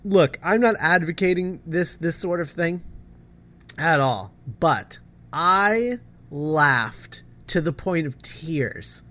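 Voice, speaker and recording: A podcast co-host in casual fan chat, talking in lively bursts and often breaking into laughter. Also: medium pitch, slow.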